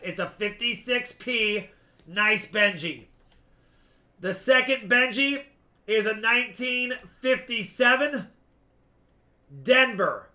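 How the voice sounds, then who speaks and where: A man hosting a live-stream coin auction, explaining each lot at length with quick asides. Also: very high-pitched, sharp tone. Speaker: coin seller and stream host.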